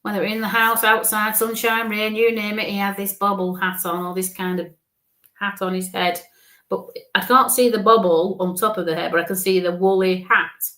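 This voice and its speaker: A woman with a lilt gives a live psychic reading in a soft, reassuring manner. She keeps checking in with a gentle "okay?" as she passes on messages. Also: medium pitch, steady tone, moderate pace. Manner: gentle, reassuring, often ends phrases with "okay?". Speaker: psychic medium.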